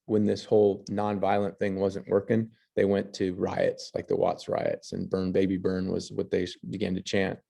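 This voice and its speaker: A man's voice: deep voice, monotone, moderate pace, gravelly, hardly any pauses, mellow. A man teaching history, reading passages and then commenting on pictures, with fillers and restarts. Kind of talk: lecture over slides.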